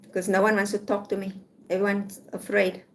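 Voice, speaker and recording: A woman from South Africa livestreams casually from her home in Malaysia, muttering to herself with blunt irritation as she goes through messages. She speaks briskly in a monotone, medium-pitched voice, and there is slight background noise.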